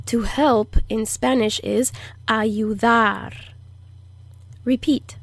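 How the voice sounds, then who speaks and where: A woman teaching a language lesson, who says each word slowly and clearly for learners to repeat and explains pronunciation patiently. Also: medium pitch, no room sound. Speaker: Spanish teacher. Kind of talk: slow, deliberate language lesson.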